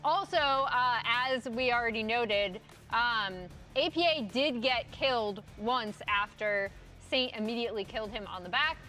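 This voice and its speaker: Casting: high, bright female desk analyst walking through plays briskly. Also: faint music behind. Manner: quick, explanatory walkthrough.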